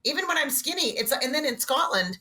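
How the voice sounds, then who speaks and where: A woman with a bright, forward voice whose pitch jumps around constantly. She tells self-mocking comic stories in a lively podcast chat. She keeps slipping into little character voices as she goes. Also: a little fast. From Canada. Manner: animated, self-mocking, acts out voices in anecdotes. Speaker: guest co-host. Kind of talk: comedic storytelling chat.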